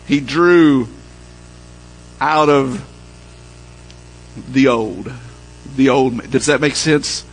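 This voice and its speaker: A man preaching a sermon, telling a story and dropping low and soft when he quotes the people in it. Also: slight background noise, poor audio. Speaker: pastor.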